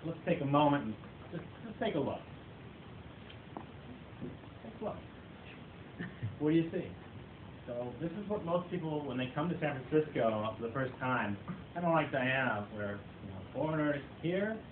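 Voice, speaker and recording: A man giving a humorous club speech to a live audience. He tells playful, self-mocking stories about himself. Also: on the high side. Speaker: club speaker. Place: meeting room with an audience. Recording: tinny echoey far-off recording, noisy.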